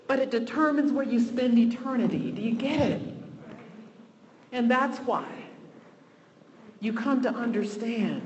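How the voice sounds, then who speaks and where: A woman's voice: a little high, measured pace, pauses often, slight background noise. Impassioned woman preaching in a hall. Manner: impassioned, swinging between hushed and rising. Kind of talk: sermon. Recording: reverberant hall, faint ambience.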